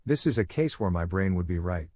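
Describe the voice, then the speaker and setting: Low-voiced man reading forum posts aloud. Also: expressive, a little fast, dark tone, a little hiss or hum. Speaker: narrator reading online posts.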